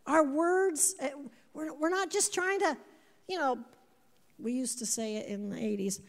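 A woman in her fifties preaching a sermon to a congregation, animated, repeating words and putting questions to the room. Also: high voice, measured pace. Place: church before a congregation. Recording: long hall reverb.

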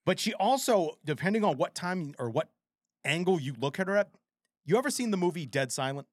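A man co-hosting a podcast in casual chat, animated and rambling, with frequent swearing. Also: high voice, a little fast, no room sound, clean studio sound. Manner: animated, profane, rambling storyteller. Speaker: podcast co-host.

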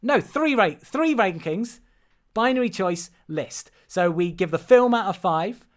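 A man hosting a casual film podcast, animated and stumbling over his words, swearing often. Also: sits high, unhurried. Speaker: podcast host.

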